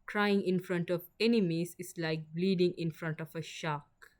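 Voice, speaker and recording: A woman's voice: medium pitch, lively intonation, measured pace, a little mellow, natural voice. A woman voicing a proud, stubborn young woman who is hurt and near tears, answering sharply with a trembling edge. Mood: guarded, quiet.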